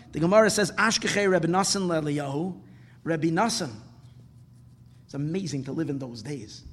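Male Talmud teacher, high voice, animated storyteller, long reverberant sound. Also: breathy edge. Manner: animated, mixes Hebrew-Aramaic quotes with English explanation. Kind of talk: lively storytelling Talmud class.

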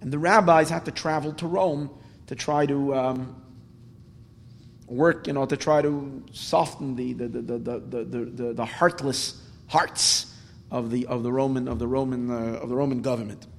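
A man's voice: mid-range voice, normal speed. Man teaching Torah in a reverberant hall. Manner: retells with Hebrew quotes, animated rises when emphatic. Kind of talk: Torah class storytelling.

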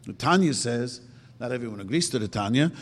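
Animated preacher man with lively pitch. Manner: emphatic, rhetorical questions, chanting verses slowly. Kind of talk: sermon. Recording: long reverb of a hall.

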